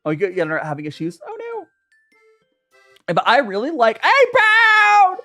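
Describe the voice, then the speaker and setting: Young adult streamer, casual tea chat, chatty and rambling, animated pitch, faint music underneath. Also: moderate pace. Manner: rambling, chatty, greets viewers by name.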